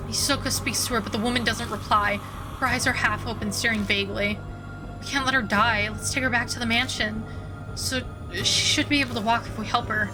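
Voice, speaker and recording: A woman's voice: fairly high pitch, steady tone, a little fast. A woman streamer who reads game dialogue aloud between casual, giggly, foul-mouthed reactions. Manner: giggly, swears freely, reacts loudly. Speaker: streamer playing a visual novel. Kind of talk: reading game text aloud with casual commentary. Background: game music.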